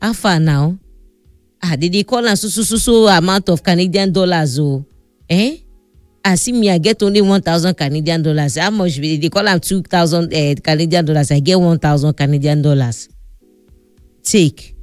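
A woman voicing a young Nigerian man coaxing his girlfriend, in a lowered voice with a Nigerian accent. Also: normal speed, a little mellow, dry recording, soft background music, close to an everyday voice. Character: young man boyfriend offering money.

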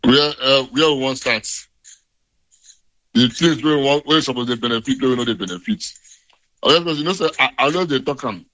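A man's voice: mid-range voice, fairly quick, pushed and bright, no room sound, poor audio. A man with a Nigerian Pidgin English accent hosting a radio call-in show, talking directly with frequent restarts. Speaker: radio host.

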